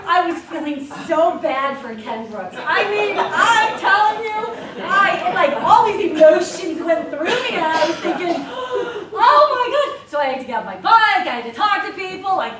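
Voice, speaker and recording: A woman's voice: extremely high pitch, moderate pace, hardly any pauses, a loud crowd. A woman giving a motivational talk to an audience, telling stories with frequent laughter. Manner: animated storytelling with frequent laughs. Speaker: speaker. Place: event room with an audience. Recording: echoey room, voice from a distance.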